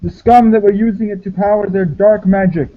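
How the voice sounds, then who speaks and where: A man's voice: high-pitched, steady tone, a little fast, natural voice. A man voicing a haughty human fortress guard who talks with lofty contempt. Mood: scornful. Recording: dull lo-fi audio.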